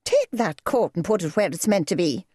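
A thin, shrill mother in the middle of her years, scolding her children in a sharp, raised voice, as a woman narrator puts her on. The voice sits high and tight with anger, husky at the edges, recorded close and dry. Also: sing-song, moderate pace, no echo.

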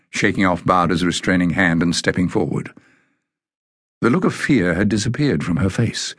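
A man narrating a children's fantasy audiobook in a measured, deliberate way. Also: deep voice, slightly rough, dry recording, clean studio sound. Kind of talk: scripted narration of a children's novel.

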